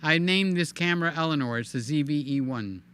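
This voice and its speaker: A man hosting a live stream in casual, animated chat, cooing in baby talk and reading viewer comments aloud. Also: on the high side, a little fast, a little hiss or hum. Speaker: livestream host.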